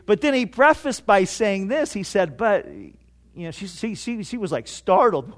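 A man preaching a sermon to a congregation, emphatic, with dramatic pauses and repeated phrases. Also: high-pitched, sing-song. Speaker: pastor.

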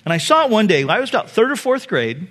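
A middle-aged pastor giving a sermon, telling a family story in a loose, conversational way with fillers and laughs. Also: male voice, high voice, very animated, fast, a bit bright. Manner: conversational, many fillers, laughs at own stories.

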